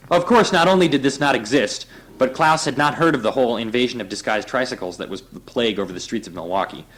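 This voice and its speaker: A man's voice: mid-range voice, quick pace, a bit bright, low-quality recording. A man reading a novel aloud to a group in a loose, laughing way, breaking off for offhand asides. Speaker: reader.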